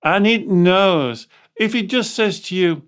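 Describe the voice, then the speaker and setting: A man who hosts a coaching podcast, explaining ideas and acting out quoted inner voices in lively asides. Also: sits high, slow, clean tone. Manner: animated, acts out inner voices. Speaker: life coach and podcast host. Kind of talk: conversational coaching talk.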